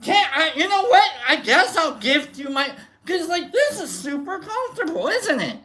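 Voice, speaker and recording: A livestream host in casual, goofy chat, rambling with many fillers while giving shoutouts to viewers. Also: extremely high pitch, very animated, moderate pace.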